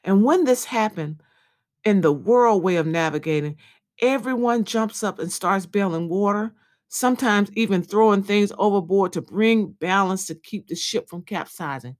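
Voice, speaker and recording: A woman's voice: medium pitch, darkish tone. Earnest woman giving a devotional message. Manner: earnest, repetitive preaching cadence. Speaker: podcast devotional speaker.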